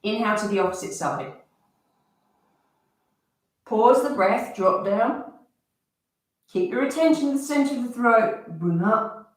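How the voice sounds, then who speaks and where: A woman leading a morning stretching and breathing class, coaching calmly with audible sighs and breaths. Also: a little high, measured pace, long pauses. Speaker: movement and breath instructor. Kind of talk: guided exercise instruction. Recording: roomy sound from far off the mic.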